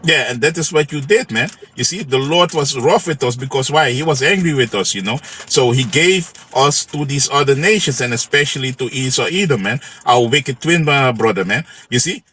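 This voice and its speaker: A man's voice: mid-range voice, animated, normal speed, few pauses, a bit bright, breathy edge, rough recording. A man hosting a livestream, teaching from scripture in a loose, conversational way, tagging his sentences with "man" and "you know". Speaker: livestream host and preacher. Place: home setting in the Netherlands.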